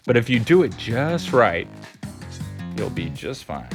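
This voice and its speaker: A man's voice: medium pitch, big pitch swings, measured pace, gravelly, over music. A man streaming a platform game, chatting casually with his viewers and laughing often. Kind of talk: casual gameplay chat with chat readers.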